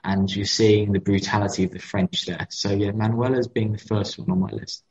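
A man with a lowish voice tells history stories in a relaxed podcast chat, often pausing and starting over as he goes. The sound is muffled and lo-fi, its highs dulled. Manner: hesitant, many fillers and restarts, storytelling. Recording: dull lo-fi sound.

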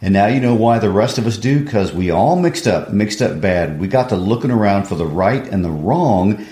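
A man's voice: fairly low pitch, lively intonation, moderate pace, dark tone, lightly acted. A man reading aloud the lines of a bitter, cynical adult man from a play. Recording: echoey room.

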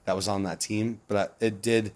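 A man being interviewed, telling stories in a casual, animated way with a lot of swearing and frequent laughter. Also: fairly low pitch, fairly quick. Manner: profane, animated, laughs often. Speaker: guest. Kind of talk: casual storytelling.

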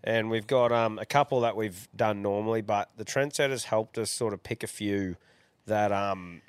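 A man's voice: on the low side, normal speed, clear, resonant tone, no room sound. A man with an Australian accent, a podcast host chatting casually and matily. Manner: laid-back, relaxed and matey, with short reactions.

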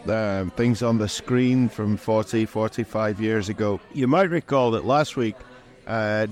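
A man's voice: on the low side, darkish tone. A man co-hosting a podcast, chatting casually with many fillers and chuckles. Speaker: podcast co-host. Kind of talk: casual chat.

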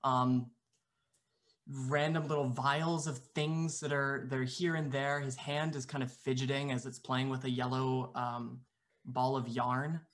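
A man's voice: mid-range voice, flat delivery, unhurried, fairly bright tone. A man playing a tabletop game, describing his character at length with many fillers.

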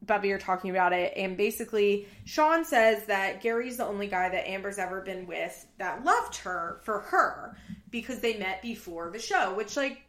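A woman hosts a casual recap podcast, talking in a chatty, sarcastic way with frequent swearing. Her voice sits at a middle pitch and carries a roomy echo from the space around her. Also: fairly bright tone. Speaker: podcast host.

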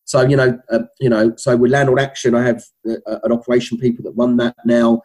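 Husky middle-aged Cockney man. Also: mid-range voice, flat delivery, fast talker, darkish tone, low-quality recording. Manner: rambling, with many restarts and fillers. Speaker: business founder guest. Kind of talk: casual interview talk.

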